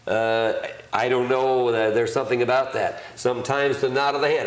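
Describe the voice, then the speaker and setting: A man's voice: medium pitch, moderate pace, few pauses. An older man, an auctioneer, recalling his career in a plain-spoken, hesitant way during an interview. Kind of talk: recollecting in conversation. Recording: roomy echo.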